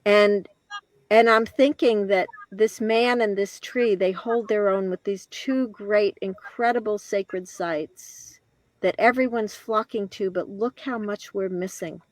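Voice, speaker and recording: A woman in her later years, a guest telling a personal story in an interview, reflective and halting, with restarts and soft laughs. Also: medium pitch, steady tone, no echo.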